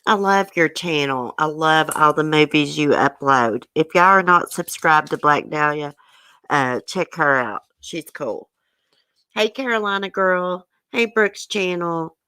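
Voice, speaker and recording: A low-pitched woman chats casually on her live stream, greeting viewers by name. Her talk is soft-hearted and emotional. The sound is dry and close, with no room in it. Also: animated, a little slow, clear, resonant tone, no room sound. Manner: chatty, greets viewers by name, says y'all.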